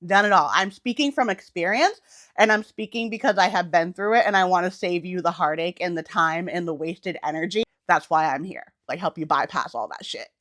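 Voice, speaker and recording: A young woman talking to camera about manifestation in a blunt, profane, high-energy way. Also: fairly quick, fairly bright tone, no echo, clean studio sound. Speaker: manifestation coach on her channel. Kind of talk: casual vlog talk to camera.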